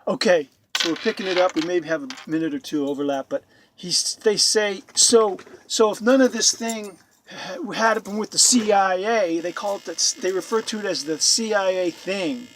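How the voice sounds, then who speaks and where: A man's voice: sits high, moderate pace, background noise. A man commenting on a video with sarcastic, incredulous remarks, often repeating himself, recorded at home. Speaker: YouTube commentator.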